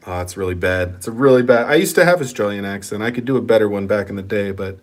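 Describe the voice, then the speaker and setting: Reading through viewer comments on his vlog, the channel host rambles in a relaxed, foul-mouthed way. His voice is fairly low, and he talks fast with few pauses.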